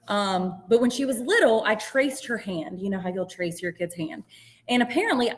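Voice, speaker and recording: A woman leads a casual workshop as a special education teacher. She talks in a chatty, self-deprecating way, often dropping into quick muttered asides. Her voice sits at an ordinary middle pitch. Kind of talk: informal presentation.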